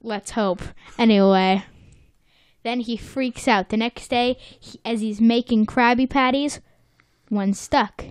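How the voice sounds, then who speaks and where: A woman's voice: on the high side, fairly even intonation, takes it slowly, clear, resonant tone, no room sound. A playful young woman casually recapping a cartoon episode with a friend. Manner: playful, acts out characters in silly voices. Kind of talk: casual chat.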